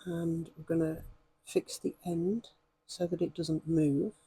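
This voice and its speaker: A woman with a hoarse voice, chatting and rambling with many ums as she demonstrates stitching in a craft vlog. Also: sits low, little pitch movement, takes it slowly, mellow, no room sound. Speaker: craft vlogger.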